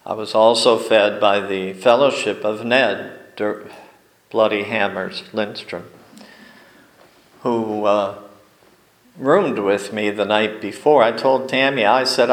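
Slow-speaking pastor in a roomy church. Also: male voice, lowish voice, steady tone. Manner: folksy storytelling with deliberate pauses. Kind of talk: sermon. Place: church sanctuary.

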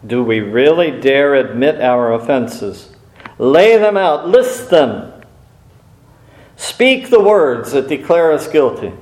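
A man preaching a sermon in an earnest, measured way, with brief pauses and small restarts. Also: mid-range voice, lively intonation, darkish tone. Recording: echoey room.

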